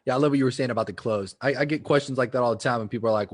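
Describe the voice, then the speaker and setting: A man in casual chat, talking about his sales calls in a relaxed, chatty way. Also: medium pitch, very fast, no echo, studio quality.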